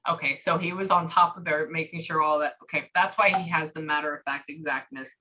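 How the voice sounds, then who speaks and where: A woman giving a psychic reading, relaying a spirit's words in chatty, lively bursts. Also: sits low, brisk, poor audio. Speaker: psychic medium.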